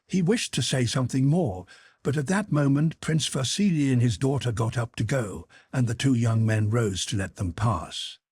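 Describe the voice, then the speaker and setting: A man reading a classic novel aloud as an audiobook narrator, in a measured, expressive way. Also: mid-range voice, husky, no room sound.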